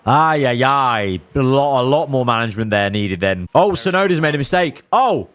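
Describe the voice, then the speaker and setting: A man commentating his own racing management game, cheering on his drivers and swinging between calm analysis and elated outbursts. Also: medium pitch, moderate pace, a little hiss or hum. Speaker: gaming YouTuber.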